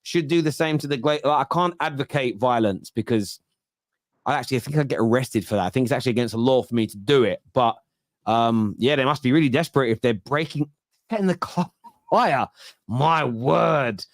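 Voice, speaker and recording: Chatty fan-show host, dry sound. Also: male voice, mid-range voice, no echo. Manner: chatty, quick restarts, mock-exasperated asides. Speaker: football fan channel host. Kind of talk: casual live chat reading fan comments.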